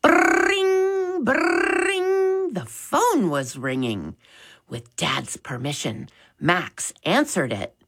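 A woman reads a children's storybook aloud at an unhurried pace. Her voice sits low for a woman, yet it swings expressively through the sentences. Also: huge pitch swings, gravelly, fairly bright tone, slightly rough. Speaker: audiobook narrator. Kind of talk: storybook narration.

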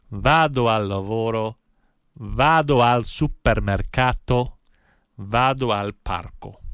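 Slow-speaking man teaching Italian. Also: on the low side, fairly bright tone, no echo, studio quality. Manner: models phrases slowly and repeats them. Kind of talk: slow, repeated language lesson.

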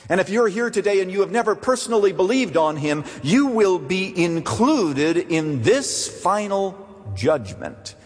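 A man preaching a sermon as pastor, dramatic, with wide swings between loud high phrases and quiet low ones. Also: in a large hall.

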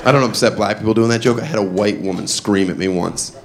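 A man performing a stand-up comedy set, mock-earnest and deadpan, with playful asides. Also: lowish voice, fast talker, some chatter behind. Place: comedy club stage with audience. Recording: live club, audience laughter and noise.

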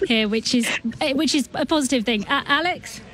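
A woman presenting a radio show with a somewhat higher voice. She keeps things moving briskly, chatting with guests and steering from one segment to the next. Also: fairly bright tone, slight background noise. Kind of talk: hosting a radio discussion.

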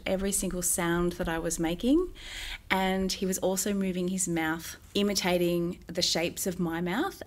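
A middle-aged woman, a music therapist, answering interview questions in a gentle, measured way with frequent "um" pauses. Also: on the low side.

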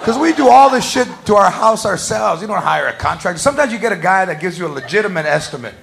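Brash stand-up comic with crowd noise. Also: male voice, high voice, lively intonation, quick pace, vocal fry, fairly bright tone, in a large hall. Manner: brash and profane, slips into voices. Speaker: stand-up comedian. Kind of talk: stand-up comedy routine. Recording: live club with crowd and noise.

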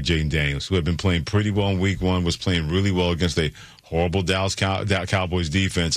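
A male sports radio host talking in a brisk, emphatic and playful way on a studio mic. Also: low voice, fairly bright tone, no echo.

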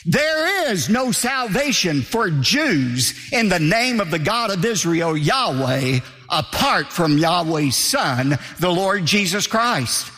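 High, lively-voiced preaching man, echoing hall. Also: a little slow, few pauses. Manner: emphatic, rhetorical questions, firm repetition. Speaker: pastor. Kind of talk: sermon.

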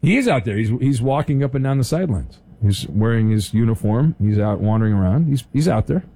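Chill radio host guy from socal, deadpan, stumbles over his words, warm dark voice. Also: medium pitch, fairly quick. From Southern California. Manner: deadpan, dry teasing with stammered restarts. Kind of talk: casual call-in radio banter.

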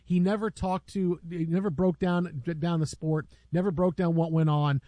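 A man's voice: on the high side, steady tone, normal speed, warm tone, dry recording. A man hosting a casual sports talk show, rambling with many restarts as he tells stories about a colleague.

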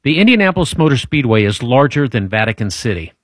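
A man's voice: mid-range voice, sing-song, quick pace, no room sound, studio quality. A man hosting a casual trivia quiz, chatty and jokey, wandering through his explanations with restarts. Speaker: show host running a trivia quiz. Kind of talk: casual radio-style trivia chat.

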